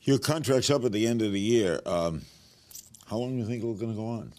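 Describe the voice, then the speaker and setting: A man's voice: on the low side, fairly quick, darkish tone. Older male talk-show host. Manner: brief, direct questions. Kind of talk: interview questions and show intro.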